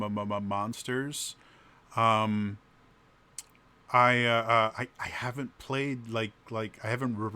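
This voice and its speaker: A man's voice: mid-range voice, sharp tone. A man who runs tabletop games, casually answering questions and talking with a heavy stutter. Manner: heavy stutter, repeated sounds. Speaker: game master.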